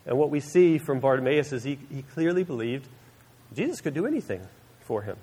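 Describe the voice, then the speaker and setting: A man's voice: mid-range voice, very animated, fairly quick, dark tone, slightly rough. A man preaching a sermon, retelling a Bible story earnestly and acting out its scenes. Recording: long reverb of a large hall.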